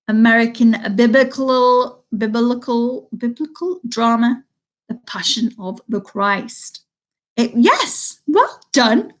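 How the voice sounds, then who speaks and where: A woman's voice: fairly high pitch, a bit bright. A woman from the United Kingdom hosting a live online pub quiz, reading each question twice and chatting about players' scores. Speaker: quiz host.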